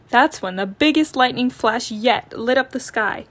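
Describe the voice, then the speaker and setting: A woman's voice: a little high, measured pace. Woman reading a picture book aloud. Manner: gentle, expressive storytelling. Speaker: storyteller.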